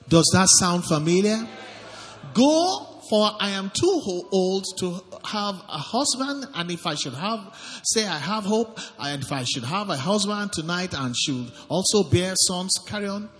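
High-pitched man preaching a lively sermon. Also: big-room sound. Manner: preaching with call-and-response, reads scripture aloud. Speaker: pastor.

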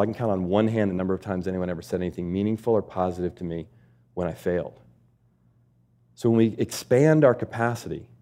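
Man, motivational speaker, quick delivery, storytelling, rhetorical questions. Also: on the low side, dark tone. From United States. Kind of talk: keynote talk.

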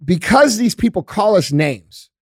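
A man's voice: sits high, very animated, measured pace, slightly rough, no room sound, clean studio sound. A man in his forties hosting a podcast, ranting with heavy swearing and emphatic repetition. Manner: profane, emphatic, repeats himself. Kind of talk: heated opinionated rant.

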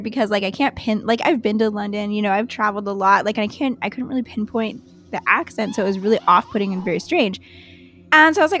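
Chatty young woman telling a story. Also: a little high. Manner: chatty, lots of "like", quick to laugh. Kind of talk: casual anecdote.

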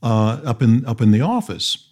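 A man who is a guest on a podcast, chatting over a video call and telling wry, animated stories. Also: mid-range voice, normal speed. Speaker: guest, actor and pilot.

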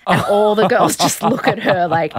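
A woman podcast host recapping a reality show in animated casual chat, laughing often. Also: medium pitch, moderate pace, slightly rough, no room sound.

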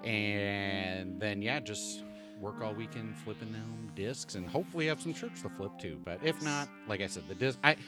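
A man's voice: fairly low pitch, normal speed, over music. A man chatting casually as a podcast co-host, rambling and crude-joking. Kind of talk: casual chat.

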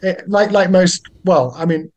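An older man with a British accent, a guest actor chatting in a relaxed, wry, self-deprecating way. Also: unhurried. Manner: genial, wry, self-deprecating, with lively pitch jumps. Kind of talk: relaxed podcast chat.

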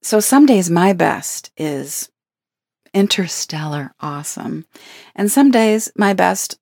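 Woman speaker with a low voice, earnest, playful self-help talk, dry close sound. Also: animated, takes it slowly, a little mellow, no room sound. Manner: earnest, playful, laughs between points. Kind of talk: reflective spoken talk.

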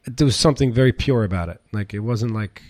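Chatty chef telling stories, dry sound. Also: male voice, on the low side, fast talker, dry recording. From United States. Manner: rambling, animated, swears, many fillers. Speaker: chef and restaurant owner, guest. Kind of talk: casual storytelling interview.

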